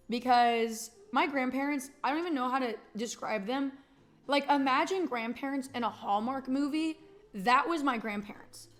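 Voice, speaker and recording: A young woman from Texas talks to her stream in a loose, rambling way, her voice sitting a little high. She swears casually and turns tender and emotional during the casual chat.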